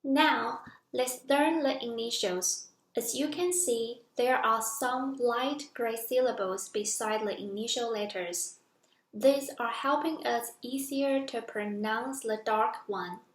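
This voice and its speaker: A woman leads a beginner pronunciation lesson at an unhurried, deliberate pace. Her voice sits high and she stretches each model syllable for learners to copy. The recording has a noticeable room echo. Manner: drawn-out model pronunciations for repeating. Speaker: Mandarin teacher. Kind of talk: slow, careful language lesson. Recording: echoey room.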